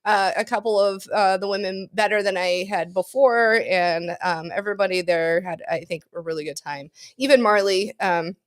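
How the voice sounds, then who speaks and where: A woman's voice: mid-range voice, moderate pace, hardly any pauses. A woman co-hosting a casual podcast who tells stories with lots of giggling and swearing. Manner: giggly, swears freely, animated storytelling. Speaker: podcast co-host. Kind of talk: casual chat.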